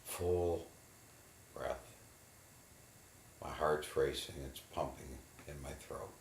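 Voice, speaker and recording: Very deep, slow-talking man. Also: fairly even intonation, reverberant, a little hiss or hum. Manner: slow, halting, inward reporting of body sensations. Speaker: therapy client. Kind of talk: guided imagery session.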